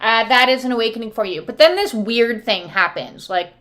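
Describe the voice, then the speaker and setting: A woman's voice: on the high side, moderate pace, a bit bright. A woman reading oracle cards and talking casually to her viewers, rambling with many fillers and now and then squealing out quoted voices. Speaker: oracle card reader. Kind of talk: casual spiritual talk to camera.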